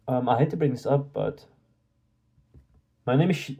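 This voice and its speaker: A man hosting a live manga reaction, excitable and slangy as he reads and comments. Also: mid-range voice, normal speed, vocal fry, pauses often, husky.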